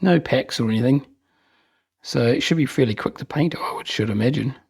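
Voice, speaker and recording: A man's voice: medium pitch, fairly quick, creaky, darkish tone, slightly rough, dry recording. A man hosting his own hobby channel, chatting loosely and enthusiastically as he shows off new miniatures. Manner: chatty, rambling, enthusiastic, self-mocking. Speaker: miniature wargaming channel host. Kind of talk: casual unboxing and hobby chat.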